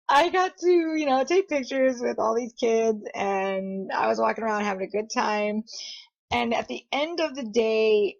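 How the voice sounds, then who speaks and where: A young woman telling a story in a casual vlog, giggly and excitable, often breaking into laughter. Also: on the high side, vocal fry, dull audio. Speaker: vlogger.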